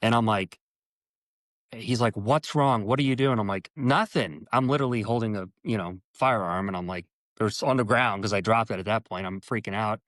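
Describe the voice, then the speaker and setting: A man as an interview guest telling a personal story earnestly, halting and restarting, and acting out quoted dialogue with his voice jumping up in pitch. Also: a bit bright, no room sound.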